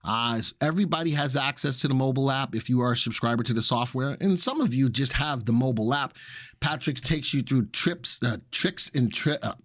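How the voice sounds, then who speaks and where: A man's voice: mid-range voice, fairly quick, fairly bright tone, no room sound, studio quality. A man hosting a live market stream in a chatty, upbeat way, with many fillers. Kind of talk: casual live stream talk.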